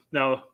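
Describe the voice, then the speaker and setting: A man co-hosting a podcast, chatting casually and making wry, joking asides. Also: bright, forceful tone. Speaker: podcast co-host. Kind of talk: casual chat.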